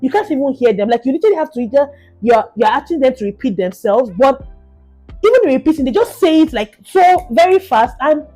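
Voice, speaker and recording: A Nigerian woman co-hosting a podcast in casual chat, talking quickly and repeating herself as she gets going. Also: sits high, expressive, dark tone, faint music behind. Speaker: podcast co-host.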